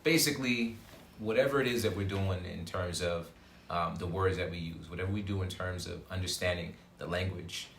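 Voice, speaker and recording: Male co-host, serious and dry-humored, lowish bright voice, echoey room. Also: brisk, gravelly, slight background noise. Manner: serious, thoughtful, joking dryly. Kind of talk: casual chat.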